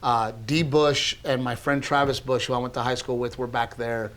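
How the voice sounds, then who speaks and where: A man co-hosting a podcast, telling stories in a casual, animated way that is full of laughs and swearing. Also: medium pitch, moderate pace. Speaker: podcast co-host, comedian. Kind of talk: casual storytelling chat.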